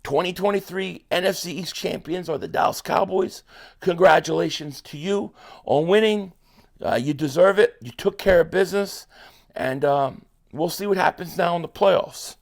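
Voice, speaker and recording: Loud ranting man with a gravelly voice. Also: sits high, moderate pace. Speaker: sports fan commentator. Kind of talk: angry fan rant.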